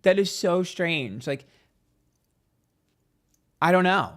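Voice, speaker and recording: A man's voice: high-pitched, animated, slow, fairly bright tone. A man in casual vlog chat, telling a story with lots of "like" and acted-out reactions. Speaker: tarot reader and YouTuber.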